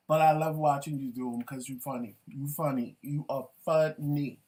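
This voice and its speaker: A man hosting a casual home talk show, chatty and animated and quick to laugh. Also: on the high side. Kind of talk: casual chat.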